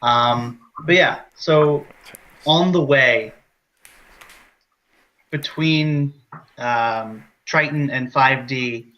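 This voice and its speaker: A man running a tabletop game as game master, unhurried with many fillers. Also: medium pitch, muffled recording.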